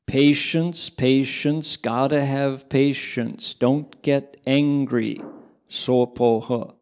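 A man voicing an old male Buddhist master with a gravelly voice, calm, sure of himself and gently teasing. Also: mid-range voice, measured pace. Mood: playful assured. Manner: bright, assured delivery with a playful edge.

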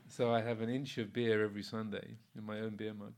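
There's a little hiss or hum behind this monk in his sixties as he gives a casual, anecdotal Dharma talk with frequent chuckles and many fillers. His voice runs on the low side at a fairly quick pace.

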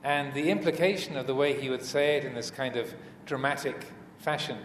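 A man teaching as a Buddhist monk in a dharma talk, speaking hesitantly with many fillers and restarts and gentle humor. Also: medium pitch, a little fast. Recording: echoey hall, faint room noise.

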